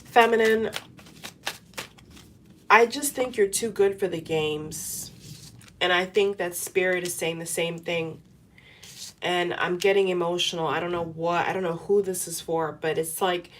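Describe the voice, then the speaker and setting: A woman giving a tarot reading to camera, talking in an earnest, repetitive, coaching way. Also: fairly low pitch. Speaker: tarot reader.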